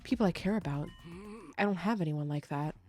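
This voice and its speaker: A woman's voice: sits low, a little fast, a little mellow, soft background music, lightly acted. Gaku, a sulky scared teen boy, read by a woman. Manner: reads game dialogue aloud plainly. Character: scared, broke, self-serving teenage boy.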